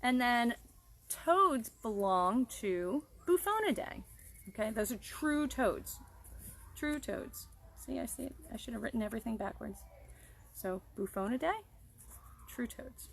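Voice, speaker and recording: A slightly high-pitched woman leads a live nature lesson for children outdoors beside a pond. She explains things cheerfully and keeps turning to her audience. A faint hiss of noise sits under her voice. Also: expressive, a little slow, gravelly. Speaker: wildlife educator.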